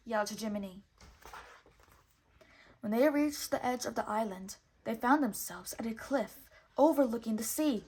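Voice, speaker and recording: A woman reading a children's storybook aloud in clear, measured narration. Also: on the high side, darkish tone. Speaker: storybook reader.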